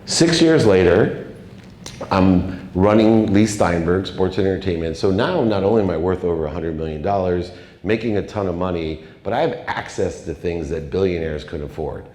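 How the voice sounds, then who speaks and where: A middle-aged man with a very low voice tells a motivational story from a conference stage. He sounds confessional and emotional, and his loudness swings sharply. The recording is roomy, with a long reverb tail from a large hall. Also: expressive, normal speed. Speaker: keynote speaker.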